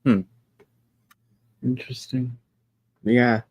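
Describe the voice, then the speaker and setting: A man hosting a casual livestream, chatting about his toys in an animated, talkative way, laughing often and swearing now and then. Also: mid-range voice, slow pace, no echo. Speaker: livestream host.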